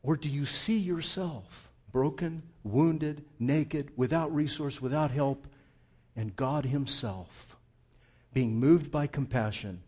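A man's voice: a little high, slow pace, a little mellow, breathy edge. A man preaching a sermon as pastor, full of rhetorical questions and rising outbursts.

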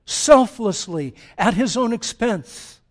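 Male pastor, high voice, lively emphatic sermon delivery with asides to the congregation. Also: slow pace.

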